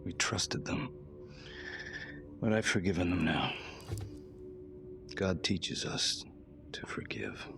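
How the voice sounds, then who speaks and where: Game death row inmate, deep slow murmur, resigned, music bed. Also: male voice, big pitch swings, creaky, whispered, exaggerated voice. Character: weary, soft-spoken male death row inmate.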